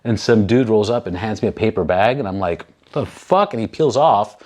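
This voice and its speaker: A man's voice: on the low side, fairly quick. A man in his thirties hosting a casual talk show, telling stories animatedly with plenty of swearing and acted-out quotes. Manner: animated, profane, acts out quoted people. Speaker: podcast host. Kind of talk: casual storytelling.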